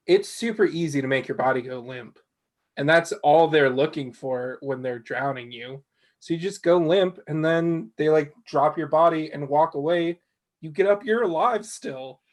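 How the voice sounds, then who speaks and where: A man in his twenties with a somewhat high voice talks in an easygoing way. He is quick to laugh during a relaxed podcast conversation. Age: 20s.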